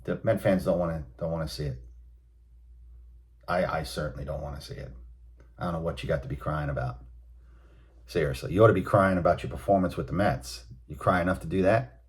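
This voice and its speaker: A man with a low voice hosts a sports talk show, ranting bluntly in an opinionated monologue. He speaks fairly quickly, pauses often, and breaks into emphatic outbursts.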